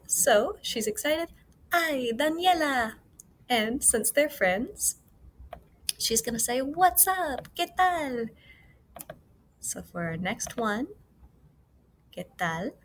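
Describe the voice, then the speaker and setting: A woman teacher explaining a Spanish worksheet step by step in a recorded screencast, slowing down to model each Spanish phrase. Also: on the high side, slight background noise. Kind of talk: recorded class walkthrough. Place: school. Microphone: computer mic for a screencast.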